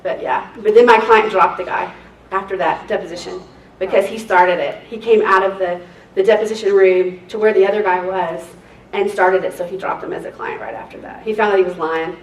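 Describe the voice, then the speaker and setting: A woman, a court reporter teaching a seminar, telling lively, laughing stories between exercises. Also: mid-range voice, brisk. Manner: chatty, laughing, lively storyteller. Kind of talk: casual storytelling lesson. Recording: roomy, distant mic, faint noise.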